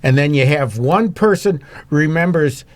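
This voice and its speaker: A man's voice: a little high, animated, a little slow, dry recording. A man chatting and joking on a talk show, rambling with restarts. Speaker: show regular. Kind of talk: casual comedic chat.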